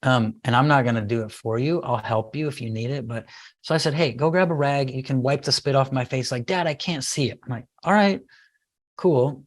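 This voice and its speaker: A middle-aged man talking as a podcast guest about raising kids. He tells the story in an animated way, and he slips into the voices of himself and his small son as he goes. His pitch sits right in the middle for a man. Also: brisk. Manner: animated storyteller, acts out his child's lines. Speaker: guest speaker on parenting. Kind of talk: conversational podcast interview.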